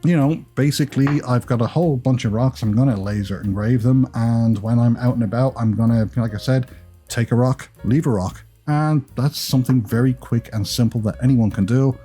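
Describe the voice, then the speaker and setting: Soft background music accompanies an Irish YouTube creator whose accent has been partly Americanized. His mid-range voice has a dark tone and normal speed as he shares creator tips in a chatty, rambling vlog, cracking self-deprecating jokes.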